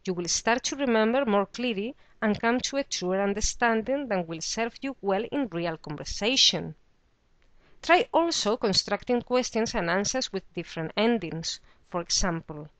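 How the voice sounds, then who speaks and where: A woman teaching a beginner Spanish lesson, explaining verb endings in a scripted way and saying the example words slowly and clearly. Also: medium pitch, dry recording. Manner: clear, slow model pronunciation of example words.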